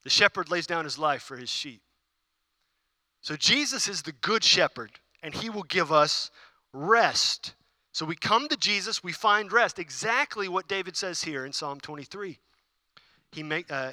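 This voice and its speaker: A man's voice: on the high side, animated, unhurried, sharp tone, no room sound, clean studio sound. A male pastor giving a conversational sermon, repeating key phrases and putting questions to the congregation.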